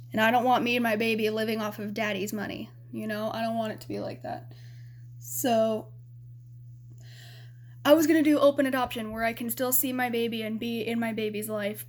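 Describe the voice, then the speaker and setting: A young adult woman vlogging, telling a personal story in a candid, rambling way with lots of fillers. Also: fairly high pitch.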